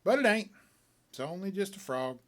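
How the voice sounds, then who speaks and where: A man puts on a frontier gambler who drawls with easy, careless pride, his folksy talk rising and dipping in a lively sing-song. The voice sits a little high for a man. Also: normal speed.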